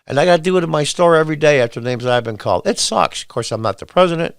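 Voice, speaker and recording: A man's voice: fairly high pitch, big pitch swings, quick pace, vocal fry, few pauses, dry recording, studio quality. Blunt, sarcastic male commentary host. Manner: reads quotes aloud, then rants back at them. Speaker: podcast host. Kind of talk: opinion commentary monologue.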